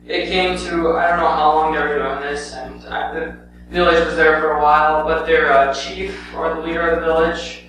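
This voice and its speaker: A man's voice: on the high side, flat delivery, normal speed. A young man presenting his church mission trip in a rambling, casual way, full of "um" and "anyway". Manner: rambling, with many "um" and "anyway" fillers. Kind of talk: casual spoken report to a congregation. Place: church sanctuary. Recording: very echoey church hall, heard from a distance, with a clear hum.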